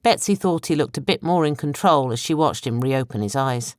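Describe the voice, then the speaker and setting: A woman narrating a science fiction audiobook in a measured, clear storytelling manner, close to a studio microphone. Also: extremely low pitch, animated, dry recording. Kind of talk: scripted narration.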